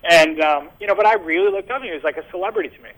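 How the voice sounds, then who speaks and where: A man's voice: sits high, very fast, poor audio. A man, a guest in an interview, telling a story in a casual, rambling way with many fillers and restarts, and acting out the dialogue he quotes. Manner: animated, acts out quoted dialogue.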